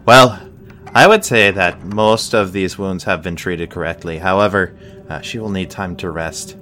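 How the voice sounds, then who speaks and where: A man voicing a fussy, curt halfling apothecary in a brisk, clipped, slightly raised voice. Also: deep voice, pushed and bright, slight background noise.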